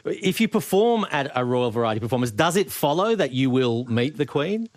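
A man's voice: medium pitch, big pitch swings, dry recording. Man hosting a dry studio interview. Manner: measured questions with hesitant fillers. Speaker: radio host.

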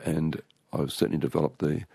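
A man's voice: extremely low pitch, level tone, fairly quick, creaky, dark tone, slightly rough, no room sound, studio quality. An older Australian man, an author being interviewed, telling stories in a rambling way with many restarts. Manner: rambling, with frequent restarts and storytelling. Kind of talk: relaxed conversational interview.

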